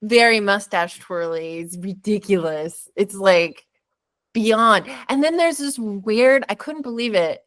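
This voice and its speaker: Hosting a podcast, a woman chats in a relaxed way about a movie, her medium-pitched voice moving at a slow pace. She stays animated throughout, laughing frequently and slipping into mocking voices.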